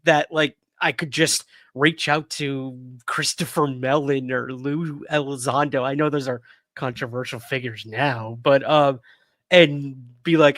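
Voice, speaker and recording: A man's voice: mid-range voice, unhurried, fairly bright tone, dry recording. A man chats on his own livestream, rambling through his stories with lots of fillers. He is hiccuping as he goes. His voice sits in the middle range and sounds dry and close. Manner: chatty, rambling, with frequent fillers and laughs. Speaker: podcast host. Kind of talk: casual livestream chat.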